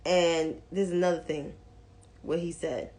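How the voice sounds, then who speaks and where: Blunt, slow-talking woman commentator. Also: fairly low pitch, fairly even intonation, a little mellow. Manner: blunt and profane, mocking. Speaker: political commentator. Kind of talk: casual political commentary.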